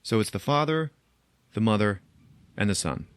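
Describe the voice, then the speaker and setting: A man's voice: lowish voice, expressive, normal speed, clear, resonant tone, dry recording. A man hosting a podcast, recapping a film plot in casual chat, chatty and profane, laughing at his own jokes, on a close microphone.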